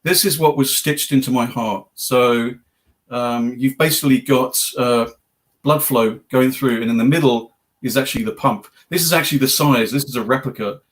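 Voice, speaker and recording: A man's voice: mid-range voice, normal speed. Joking Englishman telling his story. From England. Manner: joking, self-deprecating. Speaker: guest. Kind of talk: casual interview storytelling.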